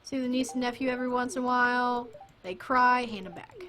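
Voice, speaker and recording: A woman's voice: fairly high pitch, steady tone, fairly quick, bright, forceful tone. A young woman streaming a farming game, chatting casually and self-mockingly, reading game lines aloud in goofy voices. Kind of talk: casual gameplay chat.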